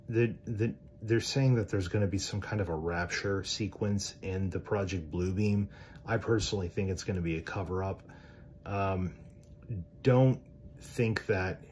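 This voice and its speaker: Man, very deep voice, casual religious talk, full of ums and restarts, direct. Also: darkish tone, slight background noise. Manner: rambling, with many fillers and restarts; direct and earnest. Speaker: Christian podcaster.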